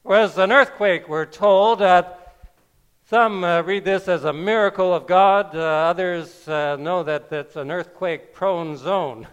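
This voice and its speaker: A man preaching a sermon, telling a scripture story slowly with wry asides. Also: high voice, a bit bright, clean tone. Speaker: pastor.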